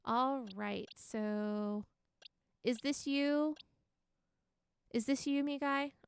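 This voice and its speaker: A woman's voice: high voice, extremely slow, clean tone, no room sound. A young woman streaming a game live, chatting casually, reading chat aloud and laughing often.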